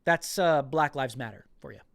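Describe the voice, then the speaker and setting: A man's voice: mid-range voice, normal speed, creaky, no echo, studio quality. A man hosting a political commentary podcast, talking in an indignant, emphatic way and often repeating words. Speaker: podcast host.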